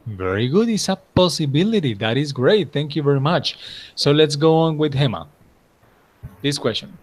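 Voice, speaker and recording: A man's voice: fairly high pitch, animated, moderate pace. A man teaching an English class, patiently repeating answers and praising his students.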